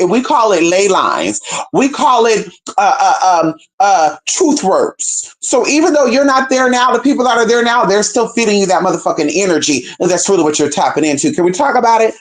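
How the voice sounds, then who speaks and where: A woman talking in a casual vlog monologue, animated and profane, often acting out other people's voices as a herbalist and hoodoo practitioner. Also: mid-range voice, rough recording. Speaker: self-described certified herbalist and hoodoo practitioner.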